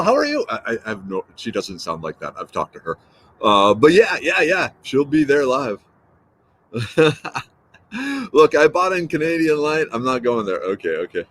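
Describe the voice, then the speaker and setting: A man's voice: medium pitch, fairly bright tone, rough recording. Host, male, fifties, casual morning live stream, playful and rambling, mid-range voice, talks straight to the viewers. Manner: chatty, reads out and answers viewer comments; playful, repeats words and trails off.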